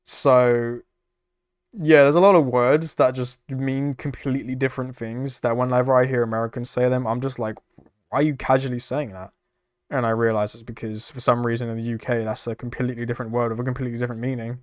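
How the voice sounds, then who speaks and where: A man's voice: medium pitch, flat delivery, fast talker, smooth, no echo, clean studio sound. A young British man chatting casually on a live stream, laughing often and swearing freely as he reacts to chat. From United Kingdom. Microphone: desk microphone.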